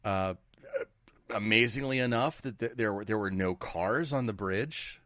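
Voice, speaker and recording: A man co-hosting a podcast, talking casually in a halting, stammering, doubtful way. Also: lowish voice, bright, forceful tone, no echo, studio quality. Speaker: podcast co-host. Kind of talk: casual conspiracy talk.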